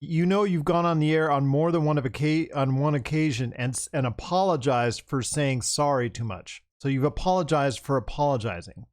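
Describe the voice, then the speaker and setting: A man's voice: a little high, brisk, few pauses. A man chatting with fellow tabletop players, playfully ribbing a friend. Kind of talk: casual chat among gamers.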